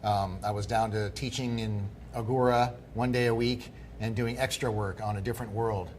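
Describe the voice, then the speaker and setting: A man's voice: lowish voice, normal speed, a little hiss or hum. A man in his fifties, a guest telling long stories in casual podcast conversation and acting out what people said. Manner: animated storyteller acting out quoted people.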